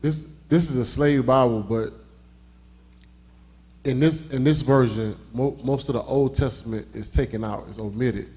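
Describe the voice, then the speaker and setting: A congregation member, a man, explaining something in halting, hesitant speech. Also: mid-range voice, darkish tone.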